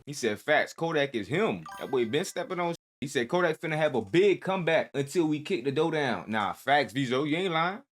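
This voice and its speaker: A man's voice: fairly high pitch, expressive, fairly quick, hardly any pauses. A man hosting a reaction video, chatting casually in heavy slang with bursts of disbelief.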